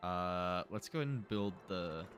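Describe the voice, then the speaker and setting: Deep-voiced young guy muttering to himself on a game stream, music going in the background. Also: animated, normal speed, fairly bright tone. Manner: thinking aloud, mumbling to himself. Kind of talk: casual live gameplay commentary.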